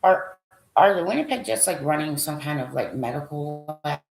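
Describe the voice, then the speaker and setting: Female vlogger, low and gravelly, lively rambling delivery, whispers while reading lists; echoey room. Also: normal speed, faint music behind. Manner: thinking aloud, rambling, trailing off with frequent fillers. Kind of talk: casual commentary while browsing a website.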